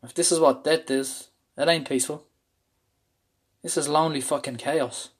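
A man's voice: fairly high pitch, fairly even intonation, normal speed, husky. A man from Ireland telling a candid, intense story about a panic attack. He speaks openly and swears freely. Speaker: speaker sharing a personal story. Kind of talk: personal storytelling talk.

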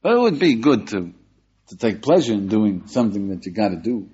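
An older American man, a rabbi, giving a lively class and checking in with his listeners with a steady "yeah?". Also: lowish voice, fairly quick, husky. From United States. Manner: animated, questioning the audience, frequent "yeah?". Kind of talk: lively Torah class lecture. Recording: dull lo-fi lecture recording.

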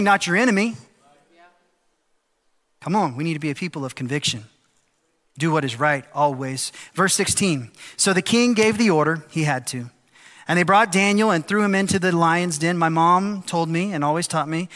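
Animated preacher in a reverberant sanctuary. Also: male voice, on the high side, normal speed. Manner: animated, acts out quoted voices. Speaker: pastor. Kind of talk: sermon. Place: church sanctuary. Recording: long hall reverb.

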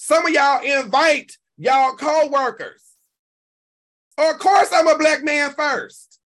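A man, hosting a live stream and reacting to chat in an animated, profane, talk-back way. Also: extremely high pitch, measured pace. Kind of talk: casual live stream commentary.

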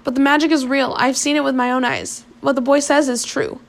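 A woman reading the lines of a rough, kindly adult sailor who protects the boys, her voice louder and more urgent, high and a little gravelly. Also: level tone, fairly quick. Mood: pleading.

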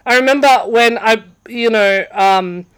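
A woman's voice: fairly high pitch, unhurried, a bit bright, clean tone. A young woman, a podcast guest, telling a story in a casual chat, with lots of fillers and restarts. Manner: chatty, many fillers and restarts.

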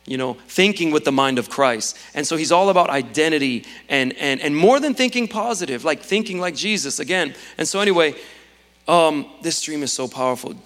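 A man's voice: fairly high pitch, lively intonation, brisk, a bit bright. A man preaching an earnest sermon in a church hall, often restarting and repeating his words.

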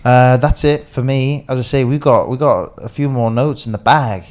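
A man co-hosting a podcast in easy casual chat. He tells stories in loose slang and swears freely. His voice sits at an ordinary middle pitch. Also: normal speed, a little mellow. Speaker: podcast co-host.

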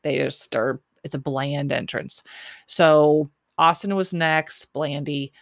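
A woman's voice: sits low, fairly even intonation, slow pace, vocal fry, dry recording, studio quality. A woman hosting a podcast, recapping a show in a rambling, chatty way with lots of fillers and repeated words. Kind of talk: casual chat.

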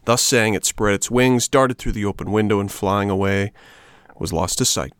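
A man reading a children's book aloud in an expressive, measured storytelling manner. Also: fairly low pitch, smooth, no room sound, clean studio sound.

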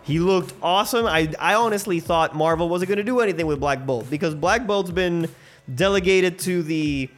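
A man hosting his own show, rambling excitedly and swearing freely through a casual movie review. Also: high-pitched, moderate pace, faint music behind. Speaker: host.

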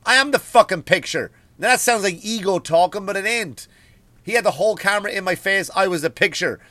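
Irish male comic, slightly high voice, dry close sound, swearing and animated in his storytelling rant. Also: brisk, dry recording. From Ireland. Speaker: comedian and podcast host. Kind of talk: comedic rant.

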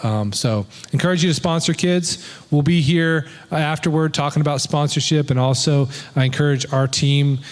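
A man leading a church service, talking casually and telling stories with lively quoted bits. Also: on the high side, moderate pace, few pauses. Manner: chatty, storytelling, animated quotes. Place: church sanctuary. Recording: long hall reverb.

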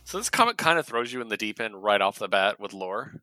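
Male podcast co-host, low-ish bright voice, casual rambling delivery, dry close mic. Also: very animated, brisk, no echo. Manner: rambling, filler-heavy. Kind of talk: casual chat.

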